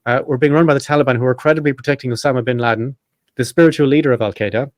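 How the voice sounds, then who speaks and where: A man hosting a podcast, reading a prepared script quickly with chatty asides and self-corrections. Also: mid-range voice, steady tone, darkish tone, no echo, studio quality. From Ireland. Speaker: podcast host.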